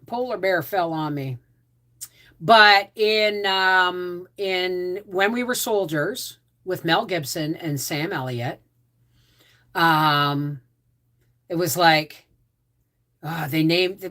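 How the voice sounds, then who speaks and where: A woman's voice: fairly low pitch, fairly bright tone. A woman hosting a casual livestream, rambling with frequent restarts and asides. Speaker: homestead channel host.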